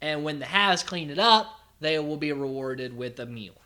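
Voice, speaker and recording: Podcast host, casual reality-TV recap, rambling and chatty, swears freely, bright voice. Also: medium pitch, lively intonation, moderate pace.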